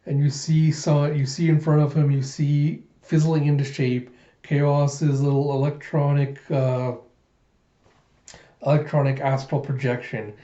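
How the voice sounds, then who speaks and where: A man's voice: a little high, level tone, measured pace, dark tone. A man narrating a manga readthrough in a casual, rambling way with many fillers. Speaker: manga reader. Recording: echoey, dull lo-fi room.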